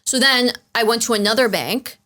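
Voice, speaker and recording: A woman's voice: a little high, moderate pace, pushed and bright. A young woman co-hosting a podcast, chatting casually and rambling with lots of "like". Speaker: podcast co-host. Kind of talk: casual chat.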